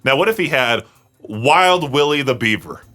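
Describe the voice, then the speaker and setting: A man's voice: medium pitch, lively intonation, moderate pace, sharp tone, soft background music. A man co-hosting a radio show, joking around and reading search results aloud in a playful, dry way. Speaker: radio co-host. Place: radio studio.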